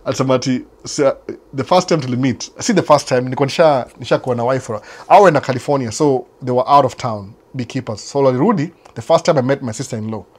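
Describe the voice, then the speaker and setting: A Kenyan man with a Kenyan accent talks quickly in a relaxed host chat with viewers, sliding back and forth between Swahili and English. He repeats his phrases for emphasis and acts out other people's voices. His voice sits at an ordinary pitch for a man. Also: slightly rough. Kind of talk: casual live chat answering viewers. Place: United States.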